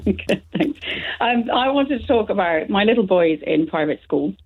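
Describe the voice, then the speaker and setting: A woman from South Wales calling a radio show, chatty and quick to laugh, with hesitant fillers. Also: mid-range voice, lively intonation. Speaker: caller. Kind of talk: phone-in call. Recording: tinny phone line.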